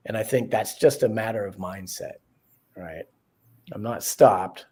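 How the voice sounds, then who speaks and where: A man's voice: on the low side, a little slow, a little mellow, breathy edge. A man co-hosting a podcast in casual chat, rambling and reflective, laughing often. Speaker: podcast co-host.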